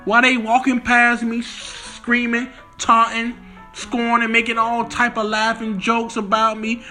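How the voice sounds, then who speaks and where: A man preaching on scripture, reading verses slowly, then explaining them in loose street slang. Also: extremely high pitch, completely flat delivery, sharp tone, soft background music. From Florida.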